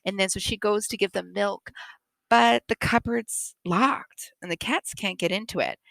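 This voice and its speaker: A woman teacher retelling a picture book to children, animated and expressive, with frequent laughs. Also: mid-range voice, normal speed, creaky, no room sound.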